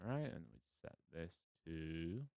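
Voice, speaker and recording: Brief: low-voiced game master, loose and chatty, swears and ums through his streamed session, dry close mic. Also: expressive, measured pace, mellow, no echo. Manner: rambling, self-mocking, with frequent fillers and swearing. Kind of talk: casual live-stream narration of a tabletop game.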